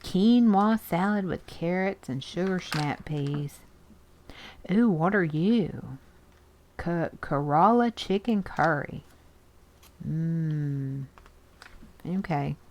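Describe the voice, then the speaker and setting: Slow-talking woman, low voice. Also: a little mellow, a little hiss or hum. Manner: chatty, exclaims over pictures, reads snippets aloud. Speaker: art journaling video host. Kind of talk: casual chat while sorting magazines.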